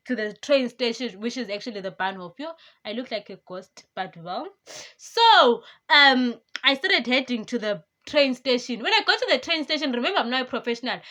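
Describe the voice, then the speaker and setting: A young woman tells her vlog story in a chatty, animated way, mimicking the people she met. Her voice sits high and sounds bright and forward. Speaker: vlogger. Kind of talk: casual storytelling to camera.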